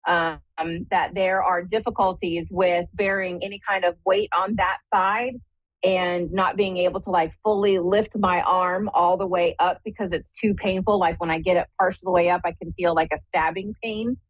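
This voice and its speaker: A woman hosts a live call-in psychic show as a medium, speaking directly to her listeners in a chatty, upbeat way. Her voice sits on the low side with a steady tone and moderate pace. The recording is dry, dull and lo-fi, with no room sound.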